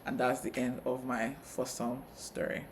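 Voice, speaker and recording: A man co-hosting a casual TV review chat, retelling scenes with quick asides. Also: medium pitch, flat delivery, noisy background. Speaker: co-host of a TV review channel.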